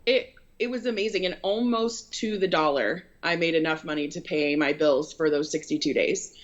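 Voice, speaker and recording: A woman's voice: low-pitched, moderate pace. A woman who owns a photography business, telling her story in a casual interview in an earnest, rambling way with many fillers. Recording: dull lo-fi recording.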